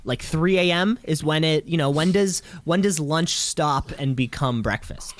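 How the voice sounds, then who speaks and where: A man's voice: a little high, a little slow. A young man co-hosting a podcast, chatting casually in a rambling, joking way. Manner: rambling, jokey, many fillers. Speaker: podcast co-host. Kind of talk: casual chat.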